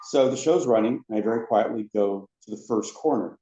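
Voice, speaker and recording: A man telling anecdotes as a podcast guest, a lively storyteller who acts out the other people in his stories. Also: on the low side, a little fast. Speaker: podcast guest, former theme park ride attendant. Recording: roomy, dull lo-fi sound.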